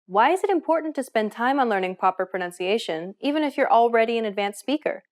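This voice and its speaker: Woman, language lesson host, upbeat and encouraging, lively pitch, fairly high voice. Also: fast talker. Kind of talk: scripted lesson narration.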